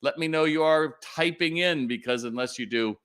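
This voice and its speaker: Animated middle-aged man hosting a live Q&A. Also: fairly high pitch, clean tone. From California. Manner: animated, quick asides and audience calls to respond. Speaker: retail consultant hosting a live Q&A. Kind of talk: live-stream Q&A talk.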